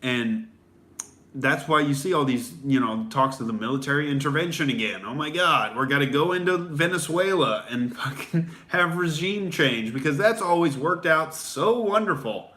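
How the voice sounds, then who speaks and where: Bright-voiced ranting man. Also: fairly high pitch, expressive, normal speed. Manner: profane, rambling, sarcastic rant with fillers. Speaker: comedian host. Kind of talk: ranting livestream commentary.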